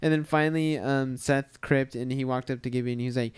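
Smooth-voiced young guy rambling a story. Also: mid-range voice, steady tone, a little fast. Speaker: podcast co-host. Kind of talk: casual chat.

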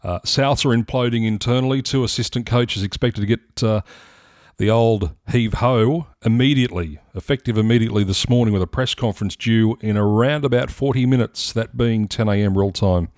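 Australian man, podcast host, low-pitched, wry, casual sports banter, dry sound. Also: brisk, darkish tone, no echo. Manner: wry, laughing, steering the chat.

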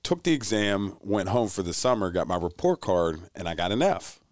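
A man's voice: low voice, sing-song, moderate pace, no room sound, studio quality. A man earnestly recounting a personal story in casual conversation.

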